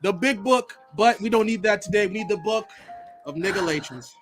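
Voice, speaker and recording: A man putting on a preacher's voice for a mock eulogy, swelling loud and dropping soft in sermon cadence. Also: sits high, moderate pace, loud music behind the voice, close to an everyday voice. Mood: solemn. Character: adult male preacher delivering a mock eulogy. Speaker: podcast host.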